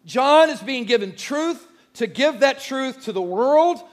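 Hoarse, very high-voiced preacher. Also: male voice, measured pace. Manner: energetic, leads call-and-response with the congregation. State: hoarse, squeaky voice from shouting. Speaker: pastor. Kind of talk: sermon. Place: church sanctuary.

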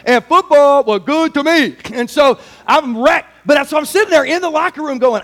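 A man in his forties delivers a sermon in a strikingly high voice. He talks animatedly, and his voice rises to a shout at the peaks of his personal stories. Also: a little fast. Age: 40s. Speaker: pastor.

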